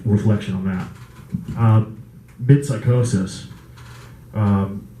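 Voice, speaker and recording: A man's voice: lowish voice, warm tone, echoey room, slight background noise, poor audio. A man performing spoken word poetry at an open mic, with a repetitive, incantatory chanting delivery and occasional casual asides. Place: small live music venue, indoors.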